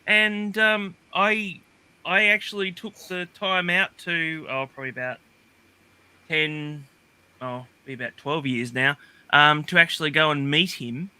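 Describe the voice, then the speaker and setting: A man's voice: a little high, steady tone, a little slow, sharp tone, clean tone. A man on a livestream, chatting casually and rambling with many fillers and restarts. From Australia. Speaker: guest. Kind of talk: casual chat. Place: livestream call.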